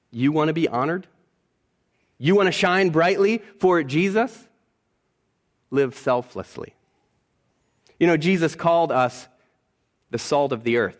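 Animated pastor, slightly high male voice. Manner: conversational preaching, animated, asks the congregation questions. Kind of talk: sermon.

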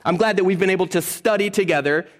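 Animated pastor, slightly high male voice. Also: quick pace. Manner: conversational preaching, animated, asks the congregation questions. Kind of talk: sermon.

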